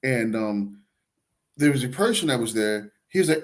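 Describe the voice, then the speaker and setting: Animated man telling a story. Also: mid-range voice, normal speed. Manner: animated, repeats words when starting sentences. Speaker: podcast host. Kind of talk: casual chat, storytelling.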